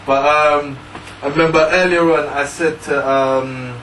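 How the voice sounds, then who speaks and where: Young male guest, halting and filler-heavy, mid-pitched, distant mic with faint hiss. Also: steady tone, fairly bright tone, reverberant. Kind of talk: casual discussion.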